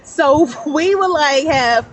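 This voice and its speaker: A woman in her thirties telling childhood stories on a livestream, animated and laughing, rambling between thoughts. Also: sits high, slow pace, a little hiss or hum, poor audio. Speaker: guest. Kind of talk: casual storytelling on a livestream.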